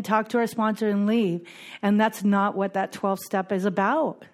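A middle-aged woman giving a heartfelt personal talk to a group at a recovery meeting, repeating key phrases for emphasis. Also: mid-range voice.

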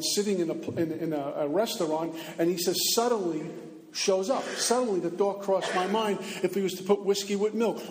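Guy giving a recovery meeting talk, kinda high voice, sounds far off in a big echoey room. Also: a little mellow, a little hiss or hum. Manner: earnest, acts out the inner voice in asides.

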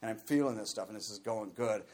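A man's voice: fairly low pitch, fast, darkish tone. A man giving a candid, conversational talk to a group about recovery program steps, often saying "you know".

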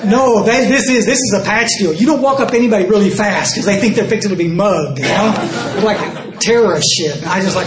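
At a recovery dinner in an echoey event hall with crowd noise, an older Texas man speaks fast in a high-pitched voice with few pauses. He tells folksy stories that poke fun at himself, voicing both sides of each conversation.

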